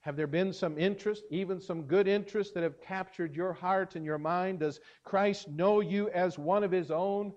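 Male pastor preaching with earnest emphasis, somewhat higher voice, dull lo-fi recording. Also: moderate pace, few pauses, a little mellow. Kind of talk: sermon.

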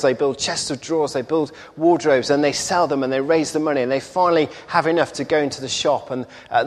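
A man preaching, telling a parable in an unhurried storytelling manner with small repetitions. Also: mid-range voice. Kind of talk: sermon storytelling. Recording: echoey hall reverb.

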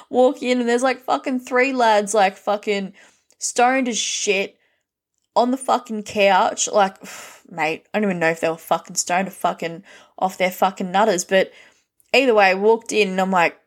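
An Australian woman hosts a podcast, telling her stories in a loose, unscripted monologue. She is blunt and swears freely, slipping into the voices of the people she quotes. Her voice sits at an everyday middle pitch for a woman. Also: normal speed. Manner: blunt, heavy swearing, lively retelling with quoted dialogue. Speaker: podcast host. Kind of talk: casual storytelling monologue.

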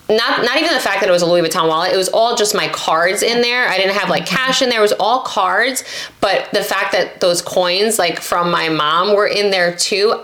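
A woman's voice: fairly low pitch, fairly bright tone. A young woman hosting a podcast, chatting casually and telling stories, quoting friends in her own voice. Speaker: podcast host. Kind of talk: casual chat.

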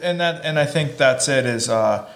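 A man's voice: mid-range voice, moderate pace, a bit bright. A man in a casual chat, working toward his point with repeated starts. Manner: thoughtful, repeats himself while building a point.

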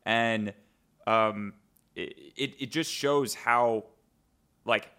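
A man's voice: fairly low pitch, drawn-out words, pushed and bright, smooth. A man hosting a podcast interview, asking questions with an enthusiastic, admiring manner. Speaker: podcast host.

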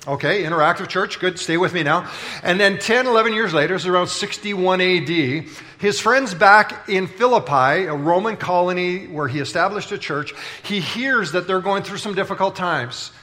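A man's voice: high-pitched, normal speed, bright, forceful tone. A man preaching a sermon as pastor, telling stories in a playful, conversational way and bantering with the congregation. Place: large church auditorium.

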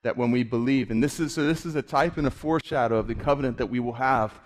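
Man preaching with rising fervor. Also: fast. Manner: builds to high excited bursts when retelling scripture. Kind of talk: sermon.

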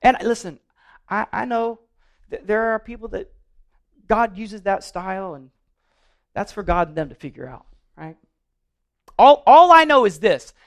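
A pastor with a notably high voice preaches to his congregation. He talks earnestly but loosely, trips over and repeats words as he goes, and slips in playful humor. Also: animated, a little slow, long pauses. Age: adult, married. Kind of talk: sermon.

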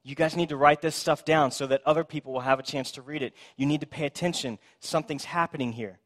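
Male preacher, slightly higher voice, casual and animated sermon delivery. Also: quick pace. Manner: animated storytelling, voices characters in the scripture; conversational, asks "right?".

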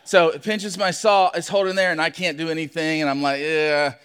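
High-voiced man preaching in echoing hall. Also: a little fast, clean tone. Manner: animated storytelling, acts out his own shouts. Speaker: pastor. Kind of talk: sermon with personal story. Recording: long hall reverb.

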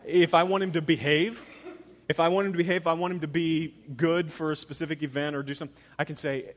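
A pastor in his thirties preaches a sermon emphatically, swinging from loud urging to hushed near-whispers. His mid-range voice moves fast, trailed by a long reverb tail.

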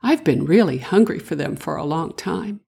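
A woman's voice: low voice, lively intonation, moderate pace, gravelly, warm tone, slightly rough, exaggerated voice. An older woman voicing a friendly, eager male black bear in a children's story.

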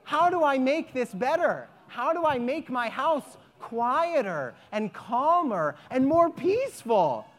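A woman's voice: sits high, big pitch swings, slow pace, hardly any pauses, exaggerated voice. A woman voicing an exasperated village woman who pleads and complains about her noisy house, as part of a story told aloud. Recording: echoey hall.

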